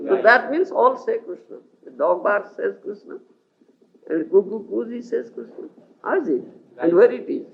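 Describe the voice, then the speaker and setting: A man's voice: sits high, lively intonation, moderate pace, vocal fry, lo-fi sound, noisy background. A man giving a scripture lecture, often checking whether his listeners follow him, on an old lecture tape. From India. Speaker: spiritual teacher.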